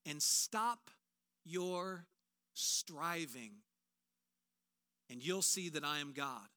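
A man with a high, bright voice preaches a sermon to a large church auditorium. He talks in an animated way and slips into quoted voices. His tone stays sharp and forward. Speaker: pastor.

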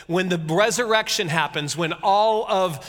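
A man giving a casual, conversational sermon, retelling a scripture story with jokey asides and animated reading. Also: high voice, unhurried, big-room sound. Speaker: pastor.

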